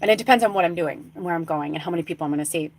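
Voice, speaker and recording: A woman hosting a live spiritual talk show, telling a rambling story full of fillers and restarts, going from hushed soft tones to excited exclamations. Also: fairly low pitch, rapid-fire. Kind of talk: casual live-stream monologue.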